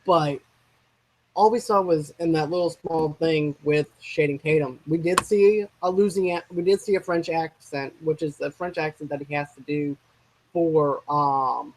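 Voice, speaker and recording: A man with a slightly raised pitch chatting casually about films as a co-host. He rambles, stumbles over words and circles back on his points. The delivery is relaxed and conversational. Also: a little slow, low-quality recording. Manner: rambling, restarts and trails off mid-thought. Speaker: co-host of a movie discussion channel. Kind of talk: casual movie chat.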